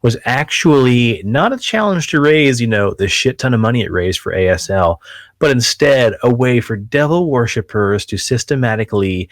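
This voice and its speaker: A man's voice: medium pitch, expressive, moderate pace, dry recording, clean studio sound. A man hosting a casual podcast, chatting in a crude, joking way and telling stories. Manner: crude, joking, storytelling with put-on voices. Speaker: podcast host. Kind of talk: casual chat.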